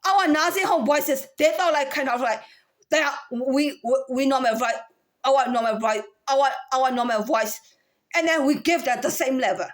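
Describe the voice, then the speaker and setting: A woman with a high voice, speaking at normal speed, lectures as a voice coach. She repeats herself insistently and shifts between different voices to demonstrate them.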